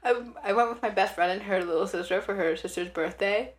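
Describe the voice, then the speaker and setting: A woman co-hosting a podcast, chatting casually, gushing and laughing often. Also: mid-range voice. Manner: gushing, giggly, quick to laugh. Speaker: podcast co-host. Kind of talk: casual chat.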